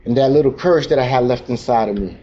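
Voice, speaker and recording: At a recovery meeting, a man gives a personal testimony about his own recovery, talking fast in raw, emotional street slang. His voice is warm and medium in pitch. The lo-fi recording sounds dull, with faint noise.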